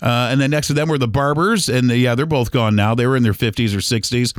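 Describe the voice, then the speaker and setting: A man's voice: medium pitch, fast, no room sound, clean studio sound. A middle-aged man from Ohio reminiscing about his old neighborhood in a casual, rambling monologue full of fillers and restarts. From Toledo, Ohio. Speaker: podcast host.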